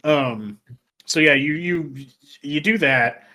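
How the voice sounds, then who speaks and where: A man tells a story in casual chat, swearing freely and slipping into acted-out quotes. His voice sits fairly high and sounds bright and forceful. He comes across like a podcast co-host talking with friends. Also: slow pace.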